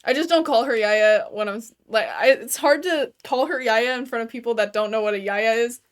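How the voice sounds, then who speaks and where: A woman's voice: fairly high pitch, brisk. Casual, profane young woman streamer. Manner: loose and profane, full of "like" fillers. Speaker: gaming streamer. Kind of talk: casual chat while streaming a game. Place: her bedroom.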